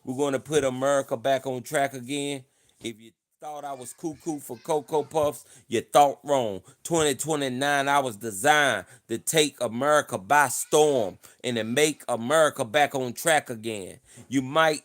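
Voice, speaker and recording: A man chatting live to his viewers in a playful, bragging manner, saying things twice and three times over. His voice sits in an ordinary middle range. It is loose, casual livestream talk. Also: mid-range voice. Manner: playful, repeats himself, boastful mock-campaign talk. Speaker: livestream host.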